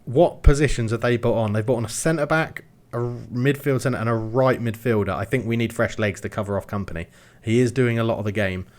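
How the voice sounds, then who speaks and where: A man's voice: mid-range voice, brisk. A young man narrating his own football management game in a let's play, calling the action as it happens. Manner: excitable, commentating on the match out loud. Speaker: gaming YouTuber.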